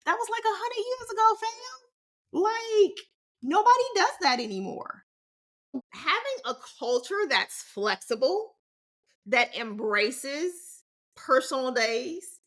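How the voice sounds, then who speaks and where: A woman's voice: a little high, bright, forceful tone. A woman in her forties hosting a podcast, talking in a sassy, slangy, emphatic way with big swings in her voice. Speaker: podcast host. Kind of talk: casual solo podcast talk.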